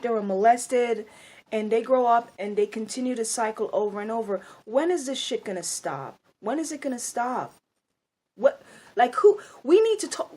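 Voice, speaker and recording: A woman's voice: fairly high pitch, a little mellow, slightly rough. Mad lady ranting at the camera, blunt and scolding, voice jumps all over. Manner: blunt, scolding, rhetorical questions. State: angry. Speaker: video commentator. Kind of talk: angry monologue.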